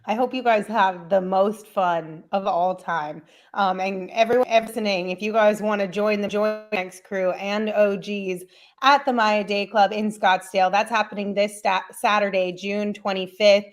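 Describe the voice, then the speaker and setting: A woman's voice: mid-range voice, fairly even intonation, normal speed. A woman hosting a sports podcast, chatting casually, laughing often and reading sponsor spots. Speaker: podcast host.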